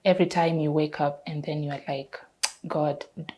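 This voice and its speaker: Woman, 20s, pageant guest; lowish voice, candid and expressive storyteller. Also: quick pace, a little hiss or hum. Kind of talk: interview.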